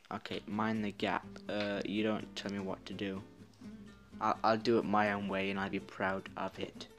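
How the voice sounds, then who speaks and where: A man giving let's-play commentary, muttering to himself and swearing casually as he plays. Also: fairly low pitch. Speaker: gaming video creator.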